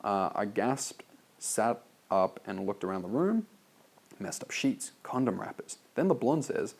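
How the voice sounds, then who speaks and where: An Australian man with a low, gravelly voice reads through his sales copy and picks it apart as he goes. His delivery is loose and offhand, peppered with "like" and the odd swear word. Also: big pitch swings, normal speed, a little mellow. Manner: loose and casual, heavy on "like", swears freely. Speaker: copywriter reviewing a sales letter. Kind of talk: reading aloud and critiquing his own copy.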